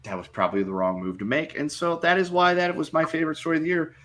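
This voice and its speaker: A man co-hosting a podcast in casual chat, telling his picks in a measured, opinionated way. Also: a little high, a bit bright, slight background noise. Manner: measured, drawn-out storytelling, opinionated. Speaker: podcast co-host.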